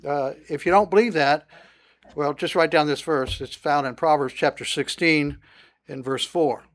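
Conversational Bible-teaching man, slightly high voice. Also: moderate pace. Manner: conversational, frequent "uh" fillers, rising emphasis on scripture.

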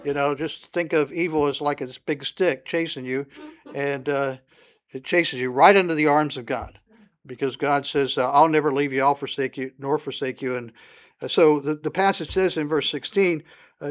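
Conversational Bible-teaching man, slightly high voice. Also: normal speed. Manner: conversational, frequent "uh" fillers, rising emphasis on scripture.

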